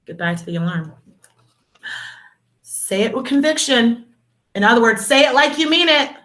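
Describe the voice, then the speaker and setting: A woman teaching a video lesson to young children, speaking in a slow, encouraging, sing-song way and calling them her dears and superstars. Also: fairly high pitch, animated, pushed and bright. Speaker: kindergarten teacher.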